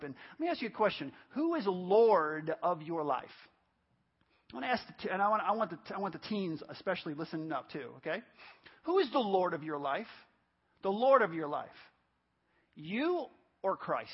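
A man's voice: high-pitched, husky. A pastor in his fifties preaching a sermon at a church service, emphatic, repeating phrases for stress. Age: 50s. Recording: dull lo-fi church audio.

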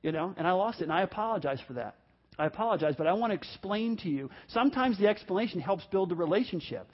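A man's voice: high voice, expressive, fast talker, husky, highs cut off. A man preaching a sermon in a conversational way, repeating words and acting out the people he quotes. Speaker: pastor.

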